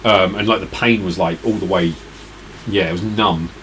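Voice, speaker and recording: A man's voice: deep voice, fairly even intonation, moderate pace, fairly bright tone, slight background noise, rough recording. A tired man streaming retro games, chatting casually and rambling to his viewers. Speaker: retro gaming live streamer. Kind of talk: casual live-stream chat.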